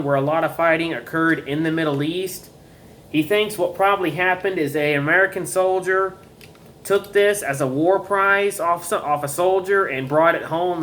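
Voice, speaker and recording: A man's voice: fairly high pitch, a bit bright. Rambling man, faint hiss. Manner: rambling, self-correcting, folksy. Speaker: YouTuber showing collectibles. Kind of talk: casual show-and-tell vlog.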